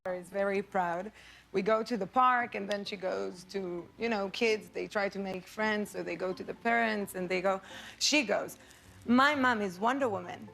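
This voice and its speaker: A woman telling a soft-spoken anecdote as a talk show guest. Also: mid-range voice, fairly even intonation, moderate pace, vocal fry. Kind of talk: casual anecdote.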